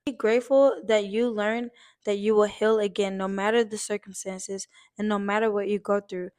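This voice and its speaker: A woman's voice: mid-range voice, little pitch movement, normal speed, a little mellow. Earnest young woman, tearful encouragement. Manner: earnest, emotional, on the verge of tears; casual, uses fillers like "like" and swears lightly. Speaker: vlogger. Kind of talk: heartfelt encouraging vlog talk.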